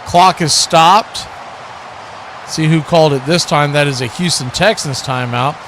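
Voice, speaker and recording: Guy doing play-by-play for a football stream, bright kinda high voice, faint background hiss. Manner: brisk, calls plays as they happen, rises sharply on big plays. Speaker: play-by-play announcer. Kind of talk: live football play-by-play commentary.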